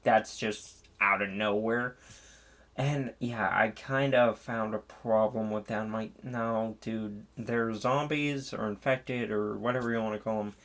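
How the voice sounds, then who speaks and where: A man with a gravelly, creaky voice talks through a movie review in a loose, rambling way. He swears freely and circles back with fillers and restarts. His pitch sits in an ordinary middle range for a man. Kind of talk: casual spoken film review.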